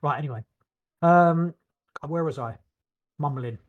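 A man's voice: on the high side, unhurried, muffled recording. A British man co-hosting a podcast, rambling and swearing freely in casual chat. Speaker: podcast co-host.

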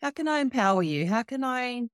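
Woman, podcast guest, candid and emphatic, swears freely, mid pitch, dry close sound. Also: expressive, a little fast, smooth, no echo. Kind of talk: candid recovery chat.

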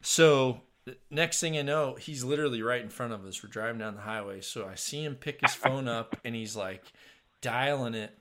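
A podcast host telling a funny story in casual chat, laughing often and acting out what others said. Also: male voice, medium pitch, moderate pace, slight background noise. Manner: animated storyteller, laughs often, acts out quotes.

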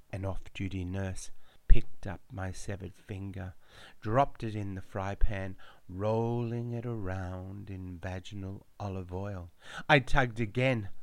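A man reading a surreal story in a deadpan, matter-of-fact tone. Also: mid-range voice, no room sound. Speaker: narrator. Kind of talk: scripted narration.

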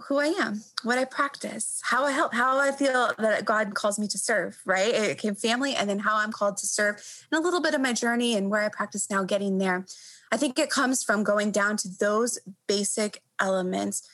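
A woman doctor in her thirties answering an interview question reflectively, earnest and halting, often repeating words as she gathers her thoughts. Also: mid-range voice, a bit bright, poor audio.

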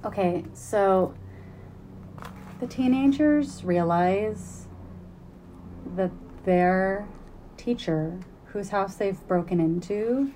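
A woman's voice: mid-range voice, darkish tone, slight background noise. A woman interviewing an author, talking in an enthusiastic way and laughing often. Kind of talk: casual interview.

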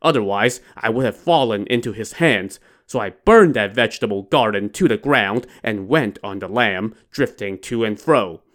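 A man's voice: lowish voice, lively intonation, normal speed, hardly any pauses, fairly bright tone. A man casually retelling a classic adventure novel, dropping in wry, irreverent asides. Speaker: storyteller.

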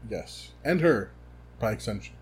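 A man co-hosting a casual book podcast, calmly summarizing the plot and agreeing with short replies. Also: on the low side, a little slow, slightly rough. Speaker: podcast co-host. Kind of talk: casual book recap chat.

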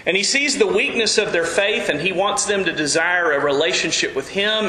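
A man preaching an earnest, animated sermon as pastor. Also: high voice, reverberant, poor audio.

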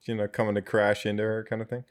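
A man's voice: on the low side, completely flat delivery, smooth. A young man commenting casually on a movie, often restarting and trailing off as he thinks. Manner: halting, repeats words and trails off. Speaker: film commentary co-host.

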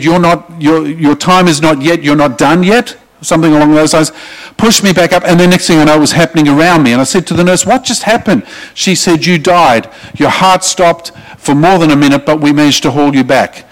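A man's voice: a little high, a little fast, poor audio. A middle-aged man with an Australian accent, preaching a sermon to his congregation with emphatic delivery and questions to the room. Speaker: pastor.

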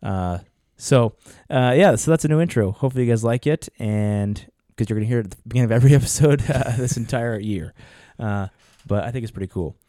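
A man's voice: mid-range voice, fast talker, few pauses, dark tone, no echo, studio quality. A man co-hosting a podcast, talking in a casual, earnest way with many fillers and restarts. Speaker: podcast co-host. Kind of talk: casual chat.

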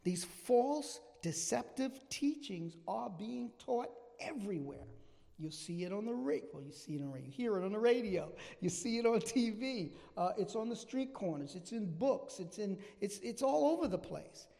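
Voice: mid-range voice, expressive, normal speed, gravelly, mellow, long reverb tail. A preacher giving a sermon with emphatic, repeated phrases, often checking in with listeners.

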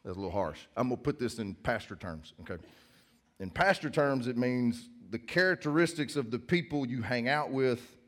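A man's voice: medium pitch, animated, normal speed, fairly bright tone. A male pastor preaching a sermon in church, in a conversational, joking storytelling manner.

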